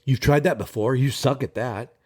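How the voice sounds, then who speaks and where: A man's voice: medium pitch, normal speed, darkish tone, breathy edge, pitched below the performer's own voice, natural voice. A man voicing his self-loathing inner mind monster, delivering blunt put-downs. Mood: scornful.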